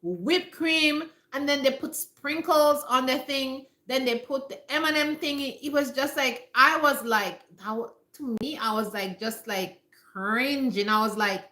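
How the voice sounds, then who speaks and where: A woman's voice: high voice, measured pace, bright, forceful tone. Emphatic woman in an echoey room. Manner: emphatic and repetitive, addressing viewers directly. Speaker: health talk host. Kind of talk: casual live-stream advice talk. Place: home room.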